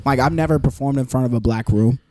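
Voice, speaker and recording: A comedian guest on a podcast, speaking in a laid-back, thoughtful way. His voice is mellow and dark, recorded dry and close on the mic. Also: medium pitch, fast talker, no room sound. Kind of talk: casual podcast chat.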